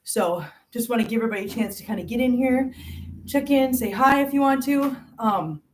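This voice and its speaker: A woman's voice: fairly high pitch, a little fast, far from the mic, background noise. A woman hosting a casual livestream chat, greeting viewers by name and calling them pet names like hon and sweetie. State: out of breath. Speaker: channel host.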